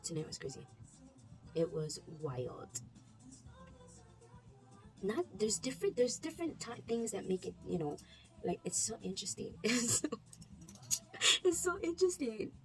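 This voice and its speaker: A woman's voice: a little high, very animated, a little slow, long pauses, darkish tone, soft background music. A woman telling the camera about her shift at a shop, laughing often, repeating herself and acting out what customers said. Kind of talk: casual storytelling to camera.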